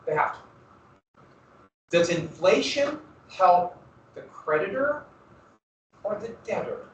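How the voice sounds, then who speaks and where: A man's voice: high voice, very animated, takes it slowly, muffled recording. A male history teacher giving a classroom lecture, posing questions to the students and then answering them himself. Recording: roomy classroom recording from far off.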